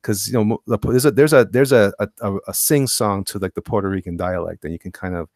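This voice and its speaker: A man co-hosting a casual podcast chat, telling rambling, animated stories. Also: on the low side, fast, no room sound, clean studio sound. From Tampa, Florida. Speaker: podcast co-host.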